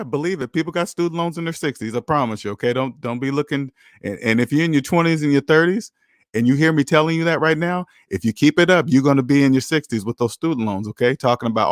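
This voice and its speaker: A personal finance vlogger with a slightly high voice and lively intonation talks a little fast in clean, dry studio sound. He lectures viewers emphatically and repetitively, swinging between loud and soft, while reading an article aloud and commenting as he goes.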